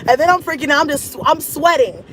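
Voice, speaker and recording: A woman vlogger telling a casual story in an animated, dramatic way, acting out her own thoughts. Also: high-pitched, a little fast, a little hiss or hum, rough recording. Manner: animated, dramatic retelling with laughs and voiced-out inner thoughts. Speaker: mom vlogger.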